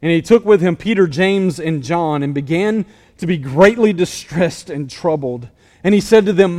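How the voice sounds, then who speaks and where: High-voiced preacher man in a reverberant hall. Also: lively intonation, normal speed, warm tone. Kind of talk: sermon.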